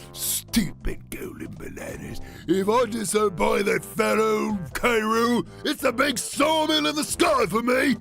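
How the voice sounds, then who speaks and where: A man voicing a pompous male guard made of wood, bossy and shouting, for a video game. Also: sits high, creaky, pitched above the performer's own voice, exaggerated voice.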